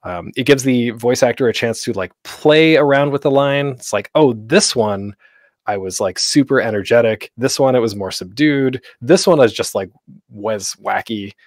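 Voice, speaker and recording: A man's voice: mid-range voice, moderate pace, dry recording, clean studio sound. A man hosting a convention panel, giving tips in a casual, live-streamed workshop talk full of fillers. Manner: chatty, with many fillers.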